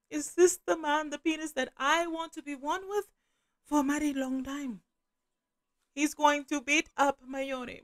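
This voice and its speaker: Woman doing a high lilting put-on accent, theatrical and musing. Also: a bit bright.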